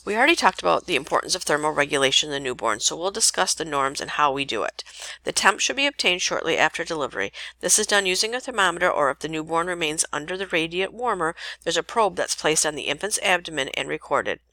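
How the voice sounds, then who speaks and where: A woman nursing instructor reading a lecture podcast in a steady way, now and then correcting herself mid-sentence. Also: deep voice, quick pace, no room sound.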